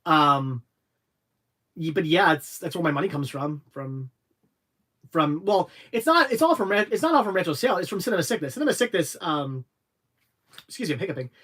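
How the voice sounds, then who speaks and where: A man's voice: a little high, fairly bright tone. Rambling man reading live chat aloud. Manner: rambling, halting, reads viewer questions aloud. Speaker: livestream host answering chat. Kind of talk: casual livestream chat.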